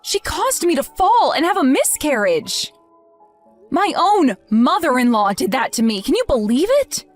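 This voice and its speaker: A woman's voice: sits high, sing-song, measured pace, soft background music. A woman voicing a heartbroken young wife in an acted text story, pleading and stammering over her words. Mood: indignant.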